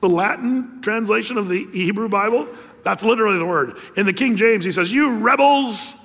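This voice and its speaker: Male pastor, lively storytelling sermon; fairly high voice, reverberant hall. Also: fairly quick. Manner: lively storytelling, asks rhetorical questions.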